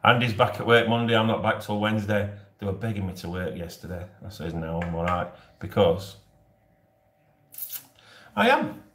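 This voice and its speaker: A man's voice: fairly low pitch, lively intonation, moderate pace, long pauses, a bit bright, a little hiss or hum. A man in his forties with a Yorkshire accent, hosting a casual live stream and rambling jokily to his viewers with frequent laughs. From Yorkshire, England. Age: 40s. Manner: jokey and rambling, often laughing. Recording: roomy echo.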